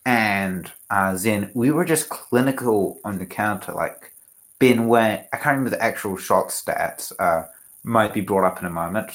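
Male co-host, low voice, jokey and self-mocking, casual fan chat. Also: moderate pace, fairly bright tone. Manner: self-deprecating, laughs easily. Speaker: podcast co-host.

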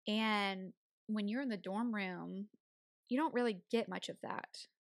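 A woman's voice: mid-range voice, measured pace, vocal fry, no echo, studio quality. A young woman co-hosting a podcast, chatting casually and laughing easily, often saying "like". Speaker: podcast co-host. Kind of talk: casual chat.

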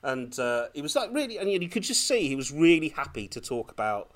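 A man on a podcast telling a lively personal story in casual chat, laughing often as he goes. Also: fairly high pitch, a little fast. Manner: animated, laughing, breathless when excited. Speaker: podcast co-host.

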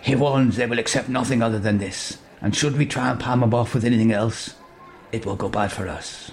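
A man voicing a learned male translator figure, speaking low, quiet and measured in a comic story. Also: steady tone, close to an everyday voice. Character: learned grown male sailor-translator, calm and matter-of-fact.

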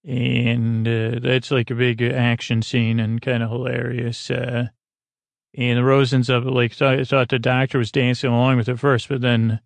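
A man recapping a TV episode in a halting, rambling way, full of fillers and restarts, speaking softly. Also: medium pitch, level tone, vocal fry, dry recording. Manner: halting, many fillers and restarts, paraphrasing dialogue. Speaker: podcast host.

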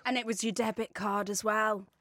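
A woman's voice: medium pitch, steady tone, normal speed, fairly bright tone, no room sound. Laid-back young woman, lots of fillers. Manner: laid-back, full of fillers, laughs easily. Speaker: podcast co-host. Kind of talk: casual chat.

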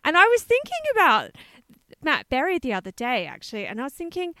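A woman's voice: high voice, wildly swooping pitch, brisk, sharp tone, dry recording. A woman co-hosting a podcast, chatting animatedly, laughing often and musing aloud. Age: 30s or older. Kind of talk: casual chat.

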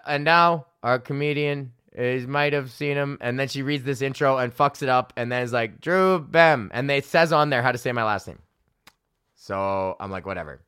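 A man's voice: medium pitch, clear, resonant tone, dry recording, clean studio sound. A man in his thirties, a comedian hosting his own podcast, telling a casual, swear-heavy story from his home office, often acting out the people he quotes. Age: 30s. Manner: profane, animated, quoting people in put-on voices.

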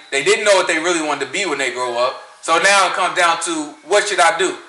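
A man's voice: a little high, fairly quick, pushed and bright, reverberant, poor audio. A man with a Southern American accent, talking in a casual rant full of preachy rhetorical questions and laughing at his own points. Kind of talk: casual ranting monologue.

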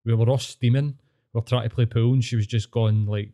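A man's voice: mid-range voice, steady tone, fairly quick, warm tone. A man with a Scottish accent, hosting a casual podcast chat and telling blunt, sweary stories. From Scotland. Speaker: podcast host.

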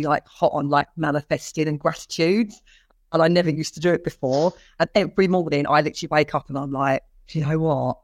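A woman's voice: low-pitched, dry recording. Brief: cheerful, gushing woman podcast guest, dry close mic. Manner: bubbly, upbeat, gushing. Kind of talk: casual chat.

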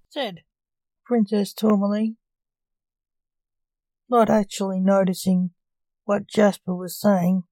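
Slow, mellow woman reading a story. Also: medium pitch, steady tone, no room sound, rough recording. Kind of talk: reading a short story aloud.

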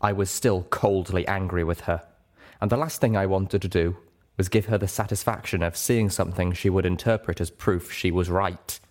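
A man narrating a story aloud as an audiobook reader, with an expressive, dramatic delivery. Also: deep voice, normal speed. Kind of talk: scripted narration.

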